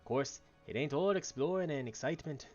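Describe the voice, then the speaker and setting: Man doing a bawdy old barkeep, gruff, high and loud, dull audio. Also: animated, fairly quick, soft background music. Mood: boisterous. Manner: rowdy, boisterous, full of slang. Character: bawdy old male tavern keeper, jovial and gruff.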